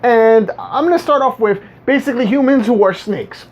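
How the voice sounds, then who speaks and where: Speaking with a mid-range, darkish tone at a moderate pace, a vlogger rants casually to viewers in a monologue. Repeated words trip them up as they ramble sarcastically, and the recording sounds dull and lo-fi.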